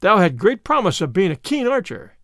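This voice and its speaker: A man's voice: high-pitched, very animated, normal speed, a bit bright, dry recording, studio quality, heavily acted. A man voicing a proud, bruised male outlaw leader in a storybook reading, speaking in hearty, archaic phrases.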